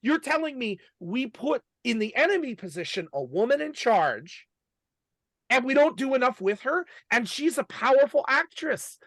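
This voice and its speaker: A man co-hosting a podcast, passionate and animated, often stumbling over his words in casual chat. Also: very high-pitched, moderate pace, dry recording, studio quality. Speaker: podcast co-host.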